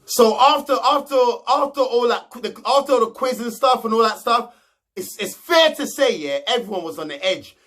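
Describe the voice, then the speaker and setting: A man's voice: very high voice, expressive, moderate pace, pushed and bright. A young man, recapping reality TV gossip in a slangy, mocking, rambling way. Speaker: reality show recap host.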